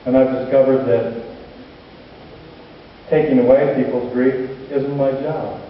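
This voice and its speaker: A pastor and hospital chaplain preaching a sermon, telling stories slowly and earnestly with dramatic pauses. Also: male voice, medium pitch, steady tone, a little hiss or hum. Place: church sanctuary. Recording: distant, echoey church hall, muffled.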